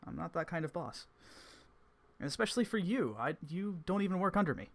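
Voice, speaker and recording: Bookish, courteous male wizard, played by a man, measured and a touch higher than his own voice. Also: very animated, gravelly, exaggerated voice. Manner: measured, formal, thoughtful. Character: polite scholarly male mage, calm and curious.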